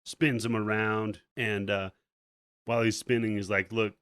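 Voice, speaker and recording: A man with a fairly low voice hosts a laid-back podcast about films. He walks through the plot in loose, profane chat and jumps into the characters' lines to act them out. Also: little pitch movement, a little slow, fairly bright tone, clear, resonant tone, no echo, clean studio sound. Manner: profane, retells scenes by acting out the characters' lines. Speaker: podcast host. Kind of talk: casual movie recap chat.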